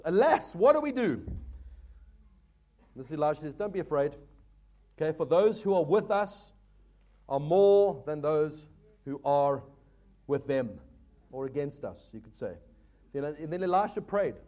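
A man's voice: fairly high pitch, dark tone. Earnest male pastor preaching. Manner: earnest, exhorting, repeats "folks" and "okay". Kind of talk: sermon.

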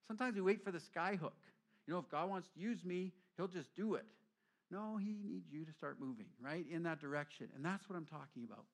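A middle-aged man preaching a sermon as a pastor, telling stories lively and acting out quoted voices. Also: fairly high pitch, brisk.

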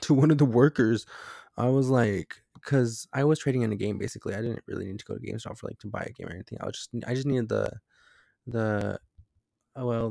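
A man's voice: medium pitch, gravelly, dark tone, no room sound, studio quality. A young man hosting a casual solo podcast from his bedroom late at night, rambling and jumpy with lots of fillers, scared and tired. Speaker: podcast host. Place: bedroom at home.

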